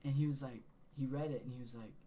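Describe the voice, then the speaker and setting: A young man co-hosting a podcast, telling a story in a casual, animated way and swearing freely. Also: mid-range voice, quick pace. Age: young adult. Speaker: podcast co-host.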